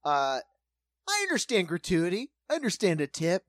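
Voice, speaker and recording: Lively wisecracking co-host, dry close sound. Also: medium pitch, normal speed, no echo. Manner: wisecracking, profane, jokey asides. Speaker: podcast co-host. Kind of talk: casual banter.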